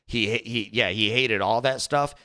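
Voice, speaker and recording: A man with a bright, clear, smooth voice delivers casual political commentary. He rambles, trips over his words and restarts sentences often. His manner is earnest and he is not polished. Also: lowish voice, unhurried. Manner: rambling, frequent restarts and stumbles.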